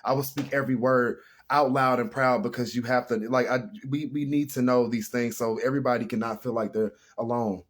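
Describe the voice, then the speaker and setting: A man's voice: mid-range voice, fairly even intonation, a little fast, hardly any pauses. A man giving a casual spiritual tarot reading to viewers, talking in an earnest, emotional and rambling way. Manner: addresses viewers as y'all. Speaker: tarot reader.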